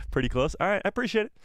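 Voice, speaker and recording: A man's voice: high-pitched, dry recording, studio quality. A man hosting a casual live stream, upbeat and rambling, often repeating himself as he chats to viewers. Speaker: YouTube live stream host.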